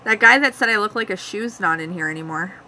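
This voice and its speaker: A young Canadian woman with a bright, forward voice chats loosely with her live viewers, calling out their names between stray thoughts. She speaks with an easy Canadian accent at a middling pitch, and a faint hum of noise sits under her voice. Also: quick pace, poor audio. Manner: rambling, chatty, talks to viewers by name. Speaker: vlogger hosting a live chat. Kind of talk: casual live-stream chat. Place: home.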